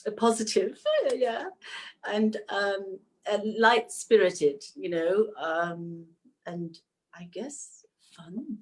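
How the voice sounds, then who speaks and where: A lively middle-aged woman talking about her acting life in a relaxed interview. Her voice sits at an ordinary middle pitch but jumps high whenever she gets excited, and laughter keeps slipping into her sentences. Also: extremely slow. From Manchester, England. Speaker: actress, guest. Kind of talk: casual interview chat.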